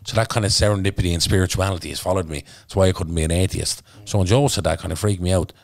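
Dublin guy talking fast and blunt, low voice, lots of swearing, dry close sound. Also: dry recording. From Ireland. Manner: blunt, swears freely, intense. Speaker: podcast guest. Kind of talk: candid storytelling in conversation.

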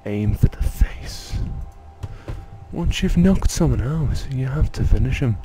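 A man voicing a gruff, condescending male tutorial instructor in a video game, barking instructions in a wandering mock Scottish accent. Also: on the low side, measured pace, dark tone, faint music behind. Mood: bossy.

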